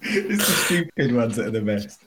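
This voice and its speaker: A man's voice: medium pitch, sing-song, moderate pace, background noise. A man co-hosting a podcast, telling long rambling dad jokes in a chatty, casual way and laughing along. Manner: chatty, rambling storyteller who laughs at his own jokes. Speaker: podcast co-host. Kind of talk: casual dad-joke swapping.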